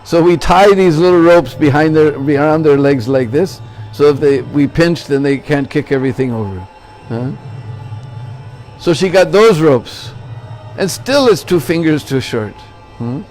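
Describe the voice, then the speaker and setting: A man's voice: a little high, measured pace, darkish tone, soft background music. A man giving a temple sermon, telling a story and checking in with listeners by asking "Hmm?" and "Huh?". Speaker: religious lecturer.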